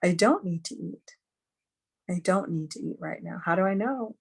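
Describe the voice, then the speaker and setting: A woman's voice: fairly low pitch, normal speed, vocal fry, slightly rough. A middle-aged woman giving a candid, chatty teaching talk on a video call, earnest and full of fillers. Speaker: webinar speaker.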